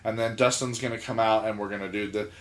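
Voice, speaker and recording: Speaking fast in a lowish voice, this podcast co-host from South Georgia spins a story in relaxed conversation. He's animated, breaks into laughter while talking, and performs the other characters' lines.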